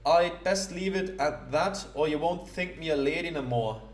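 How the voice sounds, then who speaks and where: A man putting on a gruff Scottish female rogue. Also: deep voice, moderate pace, lightly acted. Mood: blunt. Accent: Scottish, parodied. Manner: gruff, slangy, boastful. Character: rough female Scottish jewel thief, cocky rogue. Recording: roomy echo.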